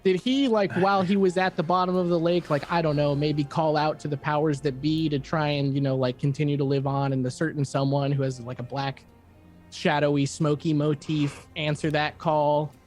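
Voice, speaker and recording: A chatty male god in duck form, played by a man, rattling on fast and casual like he's on the phone with an old boss. His voice sits a bit high for a man, and faint music plays underneath. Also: little pitch movement, a little mellow, lightly acted. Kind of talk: in-character tabletop role-play.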